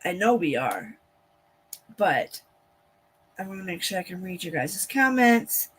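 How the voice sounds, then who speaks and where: A woman with a lowish, sing-song, fairly bright voice speaks a little slowly while hosting a casual livestream reacting to a court broadcast. She vents indignantly and bluntly to her chat, swearing often, with slight background noise.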